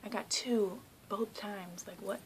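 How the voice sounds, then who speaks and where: Brief: young woman from South Carolina, excitable vlogger, filler-heavy, mid-pitched voice with breathy hushed asides. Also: slow pace, background noise. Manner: excitable, gushing, heavy use of "like". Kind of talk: casual storytelling vlog.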